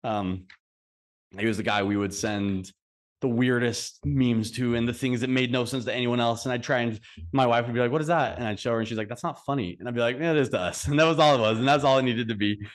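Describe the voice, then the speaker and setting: A young man in his twenties giving a funeral tribute for his brother, telling stories warmly with fillers and restarts. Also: medium pitch, steady tone, fairly quick. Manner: heartfelt storytelling with fillers and restarts. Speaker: eulogy speaker, brother. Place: funeral service.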